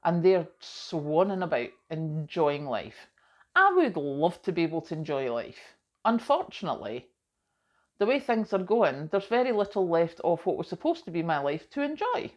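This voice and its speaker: A middle-aged woman talks casually to camera with a somewhat low voice. She rambles through her day with frequent asides and gentle self-mockery. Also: sing-song, normal speed, highs cut off. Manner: chatty and rambling, self-deprecating, often says "do you know". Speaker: vlogger.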